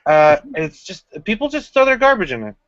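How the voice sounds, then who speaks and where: Guy hosting a chat stream, higher voice, lively jokey delivery. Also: fairly quick, no room sound. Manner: joking, animated, laughs often. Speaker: stream host. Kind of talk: casual chat. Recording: dry, dull lo-fi mic.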